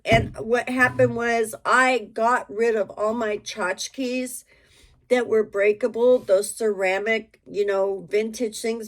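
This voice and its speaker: A middle-aged woman chatting frankly to camera as a reseller, rambling and emotional with many asides. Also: on the high side. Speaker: reseller vlogger. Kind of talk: casual chat to camera.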